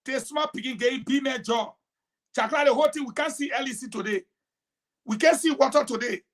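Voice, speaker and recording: A woman delivers fierce political commentary on a talk show. Her voice sits high, and she jumps from loud, emphatic bursts to low, pointed asides. She is combative and lecturing. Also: fairly quick. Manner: emphatic, combative, swings between loud outbursts and quiet asides.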